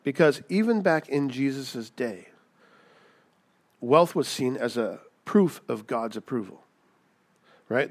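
Male preacher, sermon, chatty, rhetorical questions, mid pitch. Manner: conversational, asks rhetorical questions, acts out voices.

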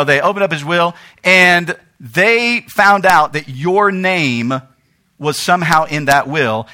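Male pastor, sermon, high lively voice, bright, checks in with "right?". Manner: animated, talks straight to the congregation with frequent "right?". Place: church.

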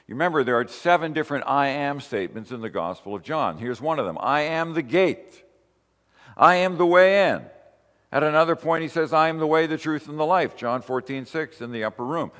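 A man's voice: mid-range voice, animated, fast talker, few pauses, fairly bright tone, long reverb tail. A man giving a conversational sermon, walking through a Bible passage and putting questions to his listeners. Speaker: preacher.

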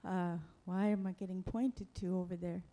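A woman giving a lively, playful church talk, animated and quick to poke fun at herself. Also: on the low side. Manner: playful, self-mocking, animated. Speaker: church speaker.

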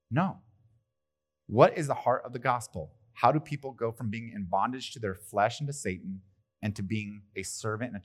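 A male pastor preaching a sermon in a church, talking in a lively, conversational way with playful asides. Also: fairly low pitch. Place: church hall.

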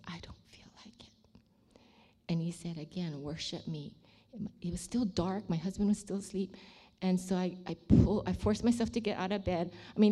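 A woman's voice: on the low side, dark tone. An older woman sharing a personal faith testimony in an earnest, heartfelt storytelling manner.

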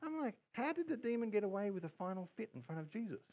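A man preaching a sermon as pastor, telling a story with quoted asides and bursts of excitement. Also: high-pitched, fast talker, slight background noise.

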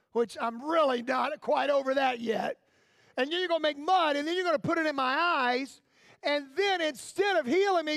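A high-voiced man playing a blind man in a sermon story, incredulous, complaining, comic exasperation, dry close sound. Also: fairly bright tone, no room sound, exaggerated voice. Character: eager blind man awaiting healing, adult male.

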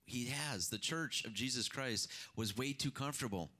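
A man preaching a sermon as pastor, with sudden rises and drops in pitch and loudness and phrases repeated for emphasis. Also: normal speed.

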